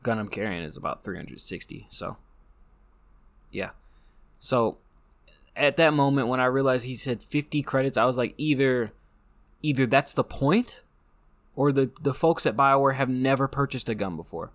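A man's voice: mid-range voice, normal speed, long pauses, a bit bright. An American man hosting a casual monologue, rambling and joking with frequent restarts. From United States. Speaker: podcast host.

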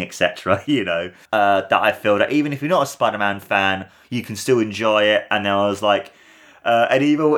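A low-pitched man talks through a film review on his podcast in a loose, unscripted monologue. He gushes with excitement and circles back over the same points again and again. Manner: enthusiastic, rambling, repeats words. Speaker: podcast host.

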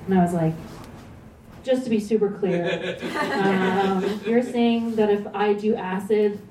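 A woman doing stand-up comedy with a dry, deadpan delivery. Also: mid-range voice, takes it slowly, a crowd in the background. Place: comedy venue, stage. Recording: echoey room recorded from a distance.

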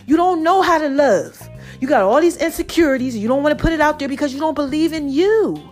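High-voiced woman podcaster. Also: brisk, darkish tone, faint music behind. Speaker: podcast host. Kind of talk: casual motivational monologue.

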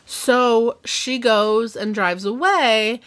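A woman's voice: fairly high pitch, very slow. A young woman casually recapping a book on a podcast, acting out the characters' lines as she goes. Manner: lively, acts out quotes in voices. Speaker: podcast co-host. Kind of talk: casual book discussion chat.

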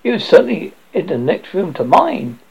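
A man reading aloud and voicing an agitated, excitable male lawyer who stammers, in a raspy, gravelly voice on a dull lo-fi recording. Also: high voice, normal speed, heavily acted.

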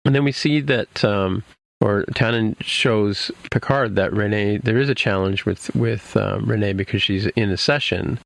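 A man's voice: on the low side, a little slow, gravelly, dry recording. A man casually recapping an episode for his podcast co-hosts, rambling with many fillers and restarts. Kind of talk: casual chat.

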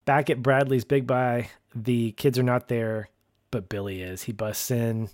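An unhurried man with a medium-pitched voice co-hosts a podcast, going over a TV episode in easygoing chat. He animatedly plays out the characters' lines, recorded at studio quality with no room sound.

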